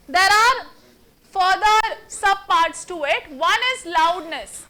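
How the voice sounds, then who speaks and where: A woman with an Indian English accent, a communication trainer giving an energetic, theatrical workshop lecture and quizzing the students in the room. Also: very high voice, slow. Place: classroom with a live student audience.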